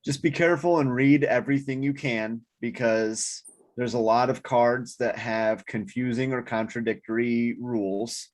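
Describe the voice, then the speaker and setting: A man's voice: mid-range voice, fairly even intonation, moderate pace. A man in a casual board game discussion, sleepy after a long day, explaining rules steadily. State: sleepy, yawning. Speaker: board game group member.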